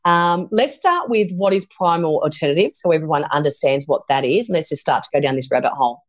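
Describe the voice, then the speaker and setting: A woman's voice: deep voice, animated, quick pace. Bubbly woman podcast host. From Australia. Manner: bubbly, laughs often. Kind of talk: casual interview chat.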